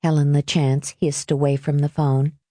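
A woman reading a novel aloud in a measured, expressive narration. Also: deep voice, dry recording. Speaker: audiobook narrator. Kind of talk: scripted narration.

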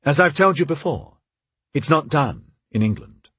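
A man voicing a proud young aristocratic husband in a storybook reading, speaking in a soothing, earnest way with a husky voice. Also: a little high, animated, normal speed, a bit bright, no room sound, voice pushed up.

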